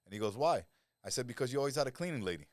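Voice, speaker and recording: Talking very fast in a medium-pitched voice, this middle-aged podcast guest, a lifestyle coach, keeps the conversation casual. He brings his stories to life, impersonates those he quotes, and curses freely, all on a dry recording.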